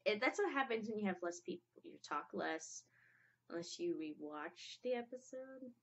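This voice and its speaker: A young woman hosting a reaction video, talking in a halting, emotional way with many restarts. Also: medium pitch, animated, fairly bright tone. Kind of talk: casual reaction commentary. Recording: dull lo-fi home recording.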